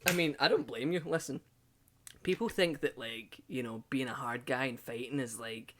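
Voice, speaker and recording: A man's voice: mid-range voice, moderate pace. Sweary man hosting a podcast. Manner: sweary, animated storyteller. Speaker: podcast host. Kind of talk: casual podcast chat.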